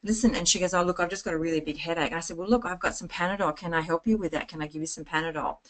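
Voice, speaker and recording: A woman's voice: on the low side, racing. Chatty woman telling sales anecdotes. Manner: chatty, lively storytelling with frequent restarts. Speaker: network marketing trainer. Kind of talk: informal training talk with anecdotes.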